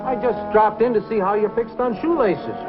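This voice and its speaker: A man's voice: high-pitched, a little fast, close to an everyday voice. An actor playing a brash, folksy shoelace salesman in a sitcom. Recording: muffled old TV sound with music and audience.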